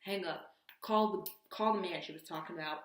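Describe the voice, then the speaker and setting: A young adult woman vlogger telling a story in a casual, animated, slangy way, full of jokey asides. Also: fairly low pitch, fast talker. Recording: roomy echo.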